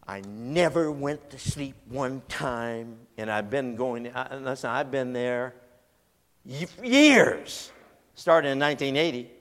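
A man preaching a storytelling sermon in a folksy, animated way, acting out voices as he tells stories. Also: mid-range voice, slow pace. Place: large church hall. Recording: long hall reverb.

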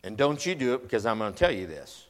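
A man preaching a storytelling sermon in a folksy, animated way, acting out voices as he tells stories. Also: mid-range voice, fast. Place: large church hall. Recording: long hall reverb.

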